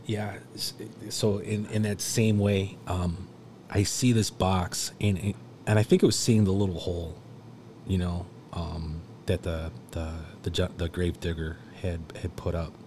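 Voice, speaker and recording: Man, deep-ish, from South Texas; raw storyteller, swings loud to hushed, swears freely; noisy recording. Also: a little slow. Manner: animated, swearing, swings from loud laughing to hushed near-whispers. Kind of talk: casual storytelling chat.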